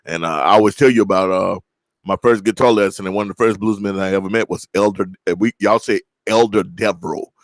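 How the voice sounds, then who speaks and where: A man's voice: low-pitched, fairly even intonation, quick pace, no echo, rough recording. A man with an East Texas Southern accent hosting a livestream, chatting casually and telling folksy, rambling stories. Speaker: livestream show host.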